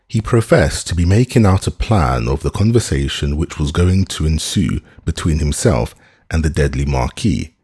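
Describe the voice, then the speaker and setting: Low husky guy narrating an old novel, really lively up and down. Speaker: audiobook narrator. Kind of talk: scripted narration.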